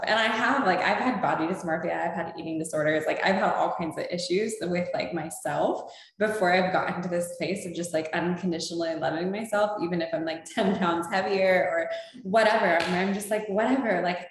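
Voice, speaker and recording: Bubbly chatty woman in an echoey room. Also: on the low side. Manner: bubbly storyteller, lots of "like" fillers, laughing often. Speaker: podcast host. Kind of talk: casual chat.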